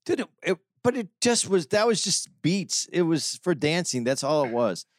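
Lively man co-hosting a podcast. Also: on the high side, moderate pace, no room sound. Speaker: podcast co-host. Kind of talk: casual comedic podcast banter.

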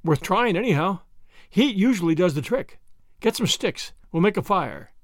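A man's voice: sits high, expressive, normal speed, dry recording, clean studio sound. A man doing an uneasy young british adventurer. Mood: eager. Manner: doubtful and uneasy.

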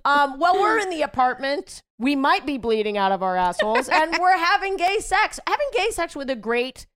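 A woman's voice: sits high, very animated, moderate pace, a bit bright. A young woman co-hosting a casual comedic podcast chat, self-deprecating and often laughing as she talks. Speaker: podcast co-host.

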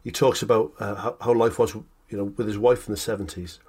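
A man's voice: fairly low pitch, steady tone, darkish tone, husky. A man co-hosting a podcast in casual chat, often stumbling and repeating words. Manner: quick talker who stumbles and repeats words. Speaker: podcast co-host.

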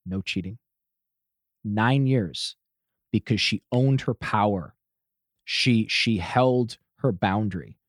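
A man guest on a podcast, telling a personal story with lively swearing and acted-out quotes. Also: on the low side, no room sound, clean studio sound. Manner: swears freely, acts out shouted quotes. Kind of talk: animated storytelling.

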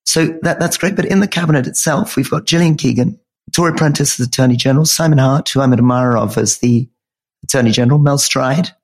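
A man co-hosting a political discussion podcast, talking in a croaky voice as he loses it, measured and listing names and facts. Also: medium pitch. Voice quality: husky. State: croaky, losing his voice. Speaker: podcast co-host.

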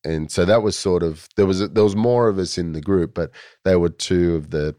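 Aussie guy in his 40s, low voice, dry close sound, chill rambly storytelling. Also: normal speed, mellow, no room sound. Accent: Australian. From Australia. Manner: laid-back, rambling with many fillers. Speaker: guest. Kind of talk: casual storytelling.

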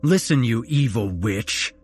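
A man's voice: medium pitch, expressive, measured pace, a little mellow, husky, soft background music. A man reading the part of a grieving son on the phone, in a horror story reading. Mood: angry. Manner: spluttering, fearful. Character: frightened grieving son on a phone, angry then tearful.

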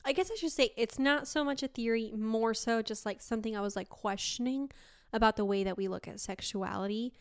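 Slightly high and a bit fast, this young Argentine woman's voice is clear and resonant, recorded dry at studio quality. As a podcast co-host she chats loosely, laughs often, and swears casually while spinning stories.

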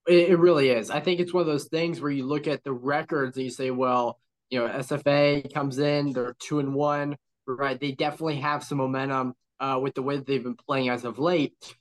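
A man co-hosting a college football podcast, talking in a measured, analytical way with lots of "you know" and "right?". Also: mid-range voice, steady tone. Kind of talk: casual sports analysis chat.

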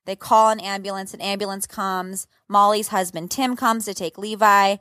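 A woman's voice: medium pitch, steady tone, normal speed, fairly bright tone, no room sound. A woman in her thirties telling a dramatic, profane story as a podcast co-host. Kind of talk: casual chat.

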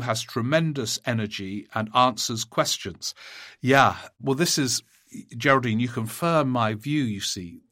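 A male podcast host with a mid-range voice talks through political questions and reads out listener emails. His delivery is measured and deliberate, with frequent small pauses as he gathers his thoughts. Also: medium pitch, pushed and bright.

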